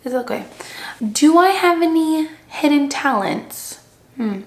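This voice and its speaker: A woman's voice: sits high, expressive, slow pace. A young woman vlogging to camera, chatting casually and rambling with lots of "like", seated indoors and recorded on the camera mic. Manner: chatty, rambling, heavy use of "like". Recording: echoey room.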